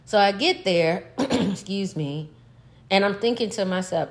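A middle-aged woman telling a story in casual chat, animated and profane, breaking into laughter. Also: mid-range voice, a little slow, vocal fry. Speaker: podcast co-host, mother.

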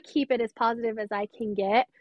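A woman's voice: a little high, fairly even intonation, a little fast, no echo, highs cut off. A woman mentor talking earnestly and emphatically in an interview. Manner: earnest, emphatic, quotes others often. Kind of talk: interview conversation.

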